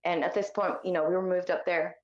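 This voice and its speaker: A woman's voice: on the low side, steady tone, quick pace. Woman guest, candid heated storyteller, lo-fi echoey call audio. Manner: candid and heated, with many fillers. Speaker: guest sharing her life story. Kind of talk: personal storytelling in a podcast interview.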